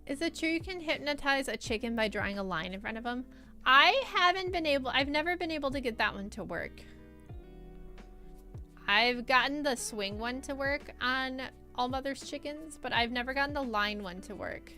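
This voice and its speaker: Bright chatty woman streamer. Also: high voice, normal speed, faint music behind. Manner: chatty storytelling, animated, laughs often. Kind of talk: casual chat with live chat.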